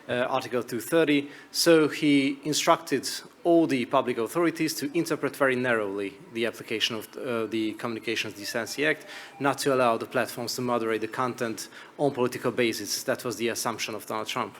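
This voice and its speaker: A man with a Hungarian accent gives a conference presentation in English, his second language. He speaks at an average pitch and stops often to hunt for words with "uh". A faint hiss of noise sits under his voice. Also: a bit bright. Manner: hesitant, frequent uh fillers. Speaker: conference speaker, media regulator. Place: conference hall.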